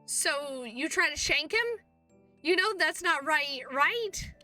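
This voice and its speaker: High, bright female streamer reading game dialogue aloud, expressive and foul-mouthed, a little off-mic over game music. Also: takes it slowly, distant mic. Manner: expressive, swears, laughs at herself. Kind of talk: game playthrough, reading and reacting.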